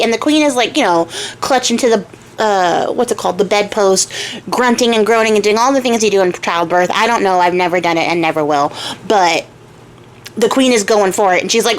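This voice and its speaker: A woman's voice: medium pitch, fairly quick, slight background noise. A young woman casually retelling a fairy tale to her viewers, playful and chatty, laughing often. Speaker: storyteller and crafter. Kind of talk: casual storytelling.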